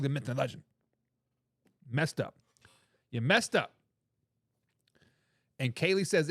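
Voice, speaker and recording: A man's voice: on the high side, moderate pace, long pauses, a bit bright, dry recording, clean studio sound. A man hosting a casual sports talk show, reading out viewer comments, repeating his points with emphasis and laughing between remarks.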